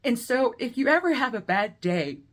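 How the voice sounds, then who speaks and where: A woman of around forty on a video call, telling a deeply personal story and acting out the voices in it, moving between laughter and quiet grief. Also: big pitch swings, moderate pace. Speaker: guest speaker sharing a personal story.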